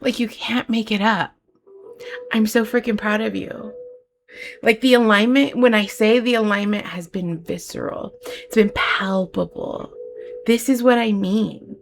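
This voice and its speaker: A woman giving a channeled tarot reading in a soft, heartfelt, rambling way, with many fillers. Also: mid-range voice, fairly even intonation, a little slow, vocal fry. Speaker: tarot reader.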